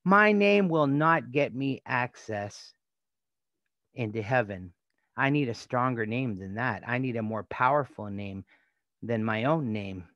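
A man's voice: medium pitch, unhurried, fairly bright tone, dry recording, highs cut off. A male pastor giving a sermon, stressing key words through repetition and asking the congregation rhetorical questions.

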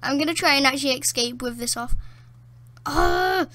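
Playing games at home in a dark room, this woman rambles through casual commentary in a high-pitched voice with a bright, sharp edge. She speaks at a normal speed and is easily thrilled, often gasping, laughing and exclaiming.

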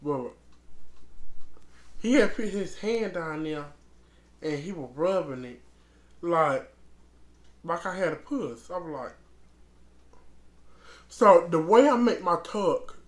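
A woman's voice: on the low side, expressive, takes it slowly, long pauses. A transgender woman telling a storytime vlog in a blunt, profane, rambling way, calling her listener girl. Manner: rambling with many restarts. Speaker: vlogger.

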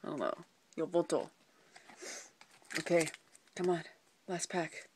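A woman hosts a card-opening video, reading out each card name in turn at an unhurried pace. Her voice sits a little low, and at times it drops to a near whisper. A faint hiss runs under the recording. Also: fairly even intonation, a little mellow. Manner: calls out card names one by one, slips into whispering. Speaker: unboxing video host. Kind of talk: card pack opening, listing cards.

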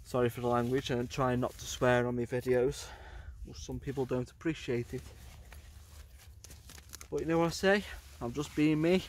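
A man talks casually to his camera on a blustery coastline. His voice stays level and flat, with few rises or falls. He rambles along, padding his sentences with fillers. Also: mid-range voice, moderate pace, slight background noise. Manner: chatty, rambling, with many fillers. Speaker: outdoor vlogger. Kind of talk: casual vlog chat. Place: outdoors on a windy coast.

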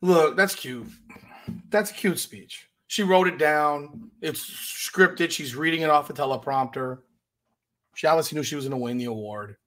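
A man's voice: fairly high pitch, normal speed, fairly bright tone. Emphatic man giving opinionated commentary. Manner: emphatic, indignant, repeats himself. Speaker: podcast host.

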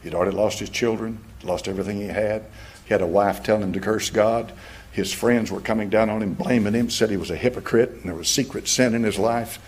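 A man preaching from the pulpit with a low, husky voice. He swings from loud, rising passages down to hushed, almost whispered lines, in the manner of a church sermon. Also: fairly even intonation, fairly quick. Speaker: pastor.

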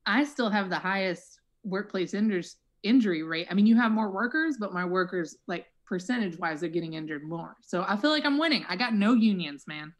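A woman plays a smug, mocking tech billionaire who brags nonstop. She puts on a South African accent over a mid-pitched voice, in an online improv show. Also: expressive, a little fast, hardly any pauses, natural voice. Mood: boastful. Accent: put-on South African. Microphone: computer mic on a video call.

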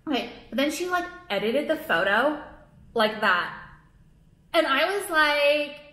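A woman's voice: sits high, sing-song, measured pace, a bit bright. A young woman vlogging to camera, who owns a jewelry line and rants casually, with lots of fillers, bluntness and swearing. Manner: rambling, heavy on "like", blunt and profane. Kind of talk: casual ranting vlog to camera. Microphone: camera, not phone. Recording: echoey room.

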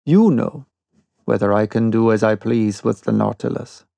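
A man reading the part of a stern, proud older sea captain in an audiobook, with a cold, quiet and ironic manner. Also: lowish voice, normal speed, vocal fry, no echo, muffled recording, pitched below the performer's own voice.

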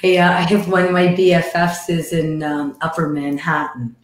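Chatty woman with slight hoarseness, echoey room. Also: low-pitched, fairly even intonation, moderate pace. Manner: chatty, laughing, says sweetie and darling. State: slightly hoarse from a croupy cold. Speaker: live stream host. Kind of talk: casual chat with callers.

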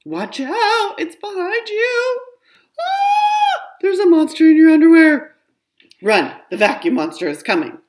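A woman voicing an imaginative, excitable little girl who fires off breathless questions in a storybook reading. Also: medium pitch, pitched above the performer's own voice. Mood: alarmed. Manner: breathless rapid-fire questions, squealing.

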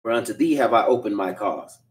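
A man reading scripture aloud in a brisk, steady way during a Bible study, heard from across the room. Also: lowish voice. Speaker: scripture reader. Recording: distant from the mic.

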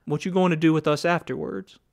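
Male reader doing a wary young counterman, guarded, questioning, a bit high. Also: steady tone, a little fast, creaky, no echo, studio quality.

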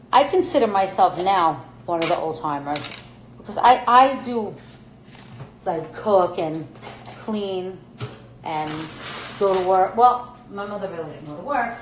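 Lower-voiced middle-aged woman, chatty and emotional, streaming from her kitchen with pans frying and a tap running behind her. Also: roomy sound, noisy background. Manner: candid, rambling, emotional storytelling. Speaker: livestream host talking about her family. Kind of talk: casual livestream chat.

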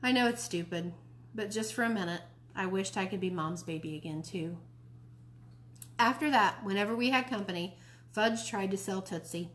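A woman reading a children's novel aloud for a library, in a lively, expressive way. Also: mid-range voice, moderate pace. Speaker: library storytime reader. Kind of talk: read-aloud storybook narration.

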